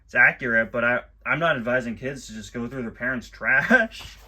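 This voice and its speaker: A man's voice: medium pitch, normal speed, bright, forceful tone. A man casually commenting on a children's book and reading bits aloud, chatty and wry with frequent asides. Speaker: host reviewing a children's book.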